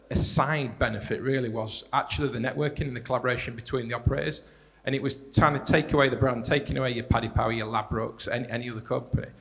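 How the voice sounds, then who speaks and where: Man, panelist, gravelly voice, long hall reverb. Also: medium pitch. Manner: fast, conversational, repeats words when restarting. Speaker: panelist, director of strategic partnerships. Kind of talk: panel discussion. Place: large hall at a live panel event.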